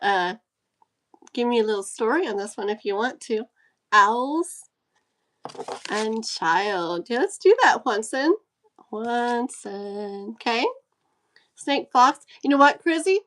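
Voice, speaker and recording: Giggly lady on a live stream, kinda high voice, gushes over everything, talks slow. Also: a little hiss or hum. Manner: giggly, gushing and easily excited. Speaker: live-stream host and card reader. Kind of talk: casual live-stream chat.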